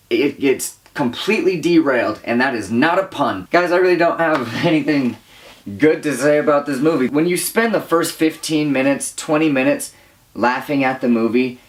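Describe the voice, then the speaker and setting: A young man giving a casual movie review, rambling with lots of fillers, exasperated and often laughing. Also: mid-range voice. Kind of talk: casual profane movie rant.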